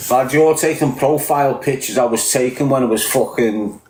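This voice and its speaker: A man's voice: mid-range voice, moderate pace, darkish tone, reverberant, poor audio. Sweary Liverpool man on a livestream. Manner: blunt, heavy swearing, teasing viewers. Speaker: livestreamer reading viewer comments. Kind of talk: casual livestream chat.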